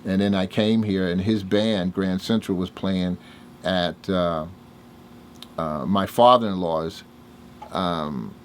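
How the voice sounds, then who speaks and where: An older man with a fairly low voice recounts old stories in a relaxed interview. He slips into the voices of the people in his tale and jumps up in pitch as he acts them out. There is a faint hiss behind him. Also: slow pace. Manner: animated storyteller, acts out dialogue with big pitch jumps. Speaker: interviewee, music producer. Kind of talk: casual storytelling interview.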